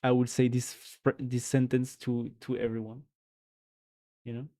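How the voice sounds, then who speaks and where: Man, french accent, slow unhurried talk, joking, thinking aloud, casual coding stream. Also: mid-range voice, little pitch movement, mellow. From France. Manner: joking, musing aloud, full of restarts. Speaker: live-streaming programmer. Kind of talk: casual live-stream chat while coding.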